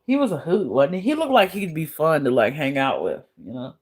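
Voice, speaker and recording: A woman's voice: deep voice, big pitch swings, a little fast, husky. A woman live streamer chatting casually with her viewers, blunt and profane, often breaking into laughter as she answers trolls.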